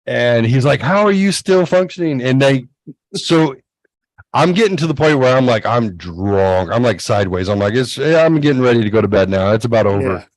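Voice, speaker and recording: Male, 40s, podcast co-host, animated storyteller, voices other people, dry close sound. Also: mid-range voice, moderate pace, no echo, low-quality recording. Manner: animated, acts out quotes in a raised voice. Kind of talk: casual storytelling chat.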